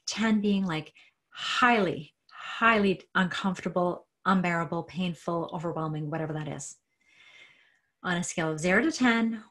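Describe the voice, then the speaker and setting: A woman coach leads listeners through a tapping exercise, repeating single words slowly and softly. Her voice sits a little low and has a husky edge. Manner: slow, repetitive guiding cues. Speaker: coach and trainer.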